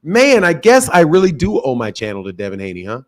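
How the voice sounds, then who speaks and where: A man's voice: on the high side, huge pitch swings, brisk. A man hosting a live boxing call-in stream, talking casually in a loose, joking, slangy way and laughing often. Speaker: boxing show host.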